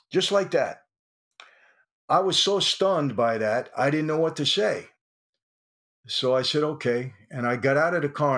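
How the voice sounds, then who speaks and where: An older man, an interview guest telling his story in an animated way and acting out the dialogue. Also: medium pitch. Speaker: interview guest, former mobster.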